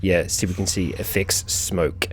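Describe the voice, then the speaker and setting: A man with a fairly low voice talks through a video game session as its host. He thinks out loud and leans on casual fillers as he plays. A faint hiss sits under the recording. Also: steady tone, unhurried. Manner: chatty, thinking aloud, frequent fillers. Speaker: let's play host. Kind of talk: gameplay commentary.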